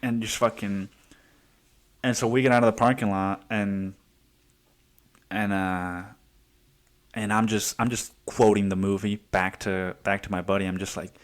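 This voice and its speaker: Rambling, profane low-voiced man. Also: fairly even intonation, a little slow, long pauses. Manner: profane, rambling storytelling with many fillers. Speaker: podcast host. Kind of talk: casual solo podcast monologue.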